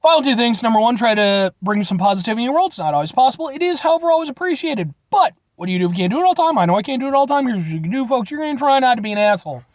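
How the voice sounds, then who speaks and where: A young vlogger from Illinois races through a root beer review with hardly any pauses, very animated and rambling, blunt and casually profane, with hesitant restarts. His intonation rises and falls sharply within sentences, and the sound is dry and close, with no room around it.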